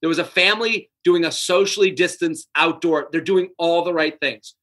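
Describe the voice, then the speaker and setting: A man in his thirties guesting on a podcast, talking in a high, bright voice. He tells his stories with animation and acts out what other people said. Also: normal speed. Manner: animated storyteller who acts out quotes. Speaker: comedian guest. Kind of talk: casual podcast chat.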